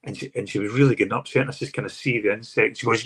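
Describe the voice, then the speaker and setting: A man's voice: mid-range voice, very fast, fairly bright tone, slightly rough. Rambling man telling a work story. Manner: rambling, repeats words and restarts when telling stories. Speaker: pest control expert, guest. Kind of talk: casual storytelling chat.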